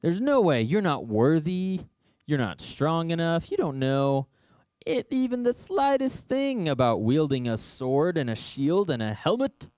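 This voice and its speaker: A man playing an exasperated King Saul who mockingly counts off reasons in a voice pitched well above his own. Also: sing-song, a little slow, a little mellow, no echo, studio quality. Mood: scoffing. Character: incredulous, scoffing King Saul, grown man.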